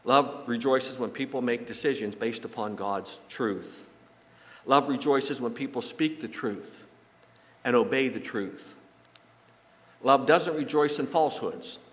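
A man giving a sermon in a church, telling folksy stories and jokes with halting repeats. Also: medium pitch, fairly bright tone. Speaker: pastor. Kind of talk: sermon with anecdotes. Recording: long reverb from a large hall.

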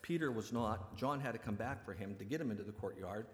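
A man preaching a sermon and retelling a story in a conversational, animated way. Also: lowish voice, quick pace. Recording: echoey hall with long reverb.

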